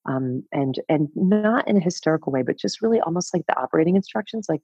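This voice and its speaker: A woman's voice: deep voice, expressive, quick pace, dark tone, husky, no echo, highs cut off. A woman in her fifties telling a personal story as a podcast guest, frank and wry, laughing at herself. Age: 50s. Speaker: guest author.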